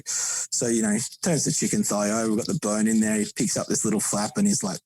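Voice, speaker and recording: Mellow-voiced man, chatty. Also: lowish voice, quick pace, no echo, poor audio. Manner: chatty, rambling with frequent restarts. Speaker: podcast guest, barbecue competitor. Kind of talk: casual podcast interview.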